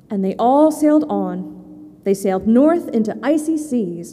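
A woman reading a children's storybook and then scripture aloud to a congregation in an expressive, sing-song way. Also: on the high side, a little slow, in a large hall. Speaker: church leader reading to the congregation.

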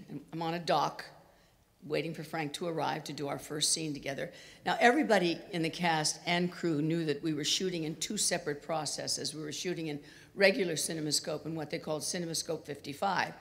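A woman in her eighties, appearing as a guest speaker, gives a chatty storytelling talk full of anecdotes in a university lecture hall, acting out the quoted lines of the people in her stories. Her voice is deep and gravelly, and the hall is reverberant.

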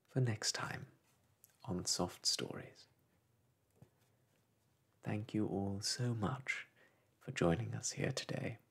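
Gravelly, husky soft-spoken man. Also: on the low side. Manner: soft, gentle and unhurried. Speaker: storyteller. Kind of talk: soft-spoken storybook reading.

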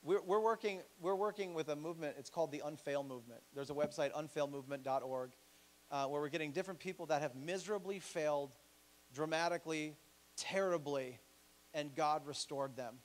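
A man who pastors a church, preaching a sermon with animated stories and emphatic appeals. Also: fairly high pitch, fairly quick, low-quality recording. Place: church sanctuary.

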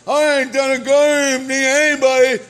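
A man ranting furiously and profanely, screaming and pleading, his voice strained from yelling. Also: extremely high pitch, level tone, fairly quick. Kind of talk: angry rant.

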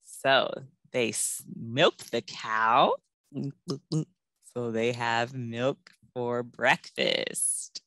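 A woman's voice: a bass voice, fairly even intonation, very slow, a bit bright, no echo. A woman teaching a preschool class, coaxing the children to repeat words and join in songs.

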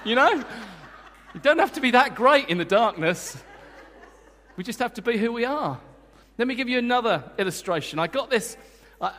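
Male preacher, lively and joking, high voice, long hall reverb. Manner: energetic, emphatic, joking with the congregation. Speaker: guest preacher. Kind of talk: sermon. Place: church hall.

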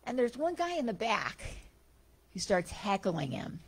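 A woman delivering a Sunday spiritual talk to a congregation. She tells stories in an animated, conversational way, and her voice sits at a middle pitch. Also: moderate pace, husky. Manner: animated, chatty storytelling. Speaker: guest speaker at a spiritual center.

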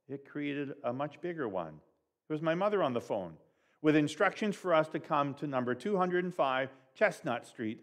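A man reading a Christmas story aloud expressively at a children's time in church, with big swings in pitch and loudness.

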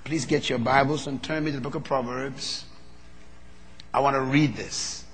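A man preaching a sermon, moving from low, measured talk to loud, fervent preaching. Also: fairly even intonation, faint music behind. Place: large hall. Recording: long reverb of a large hall.

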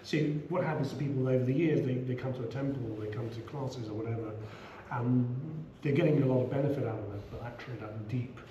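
A middle-aged man leading a relaxed scripture class, chatty, with many asides and repeated "you know"s. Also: mid-range voice, quick pace, few pauses, dull audio. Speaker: scripture teacher. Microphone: small action camera. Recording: roomy room, faint background hum.

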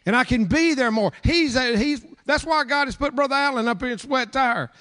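A man's voice: extremely high pitch, fairly quick, bright, forceful tone. A man pastor giving informal closing remarks at a church service, talking in a rambling way full of stumbles and repeated words.

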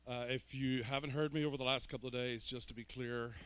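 A man's voice: mid-range voice, fairly even intonation, fast, fairly bright tone, clear, resonant tone. A man from Northern Ireland with a Northern Irish accent, a guest preacher opening his sermon with joking, self-deprecating asides in a church. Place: church sanctuary.

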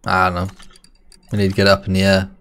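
A male streamer with a low, smooth voice talks fast during loose live gameplay commentary. He's excitable, swears a lot and chats with his viewers.

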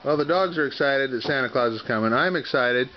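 A man's voice: mid-range voice, fairly quick, very noisy. Man cooing at his dogs on a muffled home video. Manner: playful baby talk to dogs, teasing and coaxing. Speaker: dog owner filming his pets. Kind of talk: home video chatter to pets.

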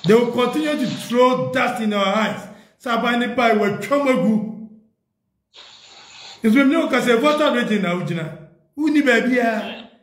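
A man with a Ghanaian accent and a very high, somewhat bright voice earnestly begs party leaders for action, mixing Twi and English. He's expressive, speaks at normal speed with long pauses, and the recording has room echo.

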